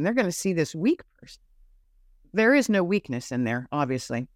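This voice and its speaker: A woman's voice: on the low side, sing-song, moderate pace, dry recording, studio quality. A middle-aged woman giving an earnest, emotional personal testimony as an interview guest, her voice rising as the story grows intense. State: teary-eyed.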